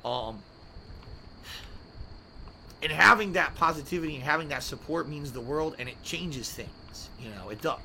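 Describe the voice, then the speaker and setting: A man's voice: on the high side, expressive, moderate pace, gravelly, long pauses, crowd noise. A man hosting a live-stream podcast from home, talking earnestly and emotionally and close to tears while he reads viewer messages and signs off. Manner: casual, with swearing and filler words. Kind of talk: heartfelt sign-off while reading viewer messages.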